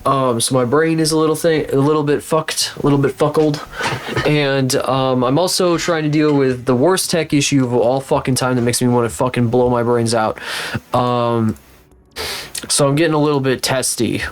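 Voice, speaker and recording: A man's voice: medium pitch, steady tone, normal speed. A man streaming live as a VTuber, rambling and cursing in frustration while still recovering from being sick. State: recovering from illness. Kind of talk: casual live-stream chat.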